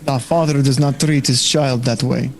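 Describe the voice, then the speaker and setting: A man's voice: medium pitch, steady tone, normal speed, slight background noise, voice pushed down, natural voice. A man doing a terse weary inn stranger. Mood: gruff.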